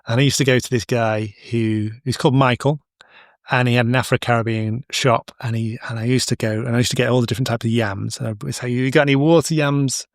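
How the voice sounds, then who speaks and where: Man, middle-aged, podcast host, chatty, gravelly, dry recording. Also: mid-range voice, flat delivery, quick pace, no echo. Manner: chatty, digressive, anecdotal. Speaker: podcast host, horticulture expert. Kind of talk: casual educational monologue.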